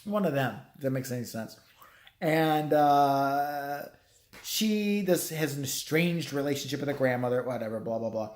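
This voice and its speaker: A man's voice: mid-range voice, lively intonation, moderate pace, a little mellow. A man giving a casual, rambling movie review, swearing freely and acting out characters' lines. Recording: echoey room.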